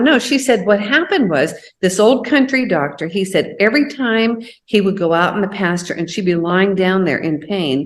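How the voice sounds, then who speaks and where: A woman telling personal stories in a casual chat, acting out the voices of the people she quotes. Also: fairly low pitch. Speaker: co-host.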